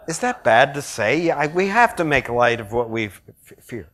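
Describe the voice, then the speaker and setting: A man's voice: mid-range voice, animated, normal speed, few pauses, a bit bright. Lecturing man, middle-aged, Midwestern accent, blunt and jokey, lots of audience asides. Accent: American Midwestern. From American Midwest. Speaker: art critic giving a lecture. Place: lecture hall.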